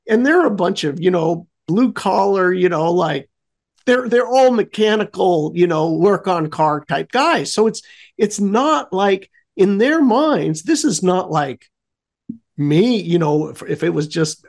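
Man with a gravelly voice; casual rambling storyteller on a radio talk show, lots of fillers and restarts, pitch swinging widely. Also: unhurried. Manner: animated when telling the fun parts.

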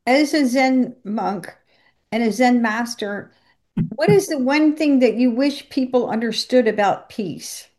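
A woman interviewer asking a measured, calm question. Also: a little high.

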